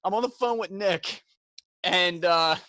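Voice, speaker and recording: A young man co-hosting a podcast, telling childhood stories in casual chat with quick laughs. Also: high voice, dry recording. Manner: animated storytelling, quick laughs. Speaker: podcast co-host.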